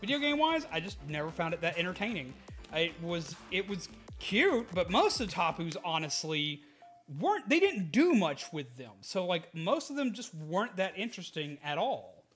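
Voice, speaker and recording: A man's voice: sits high, very animated, normal speed, a bit bright, soft background music. A man casually chatting on a live stream, answering viewers and laughing easily.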